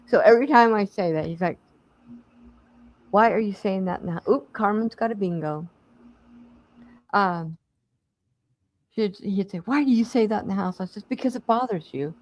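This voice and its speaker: A woman's voice: medium pitch, normal speed, long pauses, low-quality recording. A middle-aged woman hosting a bingo stream, chatting casually and laughing as she calls out winners. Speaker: stream host. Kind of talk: casual chat.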